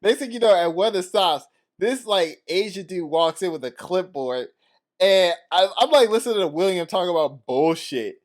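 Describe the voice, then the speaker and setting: A man's voice: high-pitched, animated, moderate pace. A man co-hosting a casual podcast, telling rambling, profane stories and laughing often. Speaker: podcast co-host. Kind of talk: casual chat.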